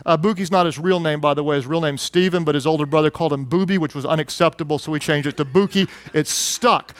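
A middle-aged male pastor preaching a sermon, telling stories with lively acted-out quotes. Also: fast. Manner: animated storytelling, acts out quotes in a high excited voice.

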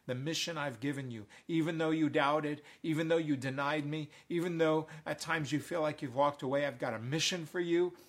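Jesus, as a preacher puts him on: tender, reassuring. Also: male voice, fairly high pitch, steady tone, moderate pace, few pauses. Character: Jesus, gentle reassuring grown man.

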